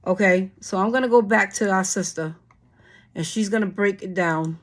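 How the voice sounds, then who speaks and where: Speaking at a moderate pace in a steady, mid-range voice, a woman hosts her channel and reads a bill out loud. She swears at it in exasperation, with lots of sighs and restarts.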